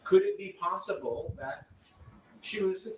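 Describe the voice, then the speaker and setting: A man working as an attorney, pressing a witness with measured yes-or-no questions in a courtroom. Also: high-pitched. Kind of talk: courtroom cross-examination. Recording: distant mic in echoey courtroom, noisy.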